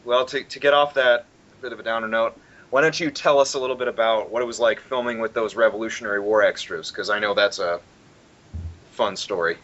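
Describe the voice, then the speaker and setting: A man's voice: fairly low pitch, steady tone, a little fast, fairly bright tone, muffled recording. A man hosting a podcast, asking a guest questions in an easygoing, conversational way. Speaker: podcast host. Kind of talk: interview questions.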